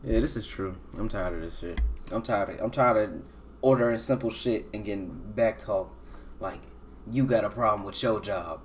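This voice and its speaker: A man's voice: on the low side, normal speed. A young man hosting a podcast, chatting casually with loose, profane banter. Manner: profane, laid-back banter. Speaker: podcast host. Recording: distant mic with background noise.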